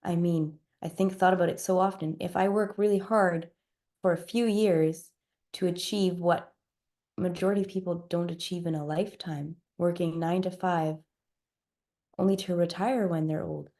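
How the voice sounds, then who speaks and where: A woman's voice: fairly low pitch, steady tone, moderate pace, mellow. A woman on a team call speaking in an earnest, reflective and encouraging way. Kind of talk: personal testimony on a team call.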